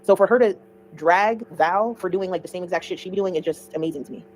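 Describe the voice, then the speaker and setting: A woman's voice: lowish voice, quick pace, darkish tone, slight background noise, rough recording. A woman hosting a casual livestream, giving chatty, opinionated commentary.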